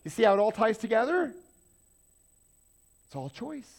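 A man's voice: high voice, very animated, moderate pace. A man preaching a sermon, acting out people's prayers and joking with the congregation. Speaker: pastor.

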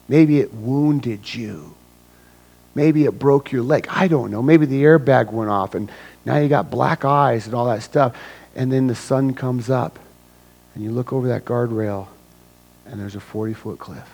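A man preaching a sermon as pastor, acting out little scenes with sudden loud bursts and dropping to a hushed, low voice for serious points. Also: gravelly, husky, rough recording.

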